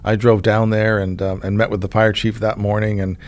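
Low-voiced middle-aged man telling a story. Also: a little fast. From Oklahoma, USA. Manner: relaxed storytelling with frequent restarts. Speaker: state insurance commissioner, podcast host. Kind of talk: casual conversational interview.

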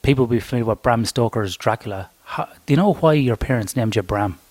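A man's voice: medium pitch, quick pace, darkish tone, no echo. A man with an Australian accent hosting a podcast interview, asking chatty, curious questions. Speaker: podcast host.

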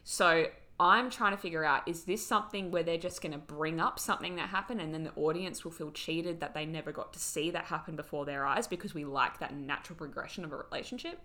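A woman co-hosting a podcast, recapping a TV episode as a rambling, animated storyteller in casual chat. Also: sits low, quick pace, hardly any pauses. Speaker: podcast co-host.

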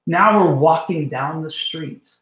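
A man tells a story on a faith talk show, animated and emphatic, acting out the voices of the people in it. His voice sits a little high for a man. The sound is roomy and a bit dull. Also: slow. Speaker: guest minister.

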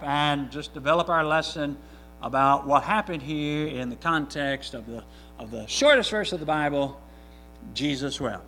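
A man's voice: a little high, bright, forceful tone, a little hiss or hum. A man reading scripture aloud and then preaching a sermon, earnest and emphatic, repeating his key points with frequent restarts.

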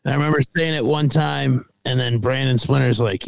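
Laid-back podcast co-host, gravelly voice with lively pitch, dry close sound. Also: male voice, brisk, no room sound. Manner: laid-back, hesitant, many ums. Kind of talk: casual chat.

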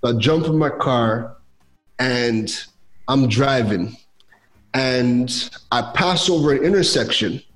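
A young man from Trinidad, telling a personal story in a casual chat as a guest, animated and quoting others. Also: medium pitch, takes it slowly, soft background music. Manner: animated, lively retelling with quoted voices.

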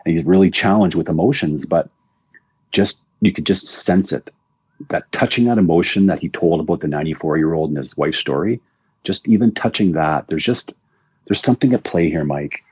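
A man's voice: sits low, normal speed, husky, no echo. A man, a recovery coach being interviewed, telling a long story in a rambling casual way and often repeating words. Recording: dull dry lo-fi audio.

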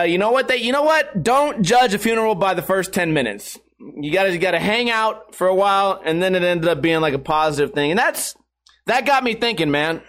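Man podcast host, high voice, swearing, laughing storyteller. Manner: profane, laughing, animated storytelling. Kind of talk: casual storytelling monologue.

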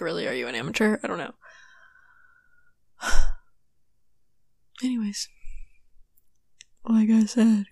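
Giggly young woman with gravelly fry. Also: a little high, a little mellow, no echo, studio quality. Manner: rambling, giggly, swears casually. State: hyper. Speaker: podcast host. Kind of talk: casual solo chat. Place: small room at home. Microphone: home desk mic.

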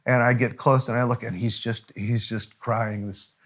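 A middle-aged man preaching a sermon as pastor, telling a story with frequent restarts and dropping to a hushed, almost whispered voice at tender moments. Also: medium pitch, fairly even intonation, normal speed.

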